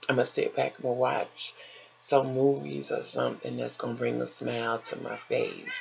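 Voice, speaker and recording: An older woman vlogging in a slow, soothing, motherly way, calling her listeners baby and honey. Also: very deep voice, monotone, vocal fry, slightly rough. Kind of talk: encouraging vlog talk. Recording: dull lo-fi home recording with faint noise.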